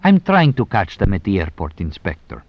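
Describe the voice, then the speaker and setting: A man's voice: deep voice, wildly swooping pitch, normal speed, no room sound, muffled recording, heavily acted. A man voicing a nervous count from Italy who speaks tersely and formally. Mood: guarded. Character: nervous Italian count, middle-aged man.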